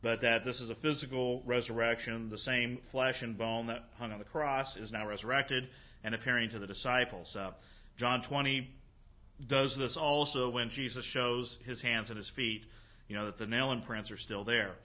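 A man giving an informal lecture on a Greek New Testament passage, thinking aloud with many fillers and reading the Greek words slowly. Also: medium pitch, steady tone, muffled recording.

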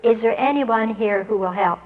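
A woman telling an audience how she taught a student to read. She speaks earnestly and spells out letters and their sounds slowly. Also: fairly high pitch, narrow, tinny audio. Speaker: literacy teacher giving a talk. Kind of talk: storytelling address to an audience.

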